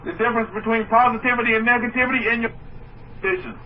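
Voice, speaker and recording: A man preaching a sermon as a rabbi, animated, trading mock voices and asides with his listeners. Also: extremely high pitch, rapid-fire. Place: room with listeners. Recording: muffled distant mic with faint noise.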